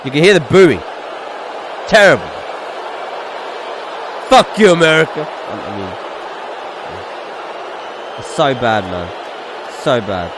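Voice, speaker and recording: A man's voice: mid-range voice, big pitch swings, slow pace, long pauses, background noise. Ranting, profane young man. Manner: ranting, profane, repeats "look" and "okay". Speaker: podcast host. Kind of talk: casual commentary over video clips.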